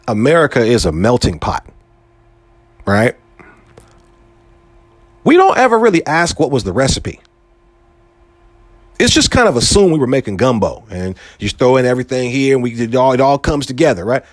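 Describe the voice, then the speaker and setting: A man talks through a loose, profanity-laced podcast rant and jumps his pitch up and down. His delivery is lively and full of swings. The sound is dry and close, with no room around it. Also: no room sound. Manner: animated, swings pitch up for emphasis, profane street slang. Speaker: podcast host. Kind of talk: casual monologue commentary.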